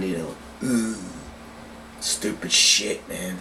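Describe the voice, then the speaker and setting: A man's voice: mid-range voice, unhurried. Profane, ranting man on a distant mic. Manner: profane, heated political rant. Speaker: cigar reviewer. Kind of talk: casual ranting vlog monologue. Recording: distant mic with faint background noise.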